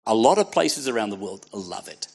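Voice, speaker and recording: An Australian man preaching a sermon to a congregation, fervent and exhorting, dropping to hushed tones and then rising to near shouts. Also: fairly low pitch, very animated, normal speed, gravelly, a little hiss or hum.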